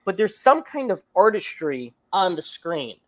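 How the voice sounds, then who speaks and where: A man's voice: high voice, big pitch swings, a little slow. A man co-hosting a movie review podcast, talking in a casual, rambling way with lots of fillers. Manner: rambling, many fillers and restarts. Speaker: podcast co-host.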